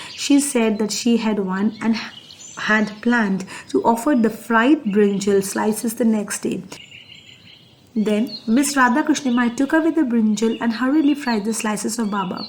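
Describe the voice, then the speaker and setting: A woman's voice: mid-range voice, a little mellow, a little hiss or hum. A woman, reading devotional stories in an earnest, reverent manner. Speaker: devotional storyteller. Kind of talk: scripted devotional narration.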